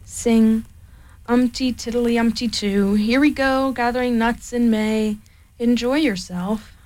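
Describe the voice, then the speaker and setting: A woman's voice: fairly high pitch, takes it slowly, darkish tone. A woman voicing a gloomy old gray male donkey in a storybook reading, with a mournful, self-pitying manner. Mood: sarcastic.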